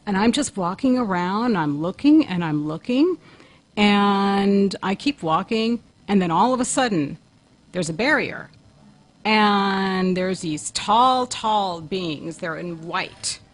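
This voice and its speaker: A woman co-hosting a talk show, who is also a paranormal investigator, earnestly recounts a vivid personal experience, often restarting her phrases. Her mid-range voice is animated and unhurried, and the recording is rough.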